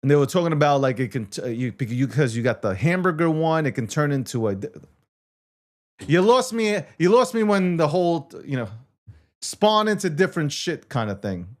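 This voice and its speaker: A male host riffs through casual market talk, cursing freely and laughing at his own losses. His voice sits a little high and leaps up and down with lively swings of pitch. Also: moderate pace. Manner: profane, animated, self-mocking rants. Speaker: show host.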